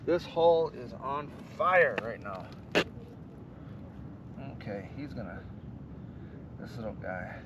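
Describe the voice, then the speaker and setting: A man, excitedly talking to viewers while ice fishing on a frozen lake. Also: medium pitch, slow pace, long pauses. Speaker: fishing vlogger. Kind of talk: casual outdoor commentary. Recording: outdoor wind noise, distant mic.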